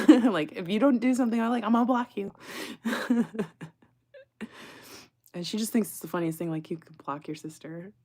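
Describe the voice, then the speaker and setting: A woman's voice: fairly low pitch, gravelly. A woman hosting a jewelry-making livestream, chatting casually and laughing often, sometimes dropping to a whisper while she works. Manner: chatty, laughs often, reads viewer comments aloud; drops to a whisper while working. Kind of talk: casual live chat while crafting.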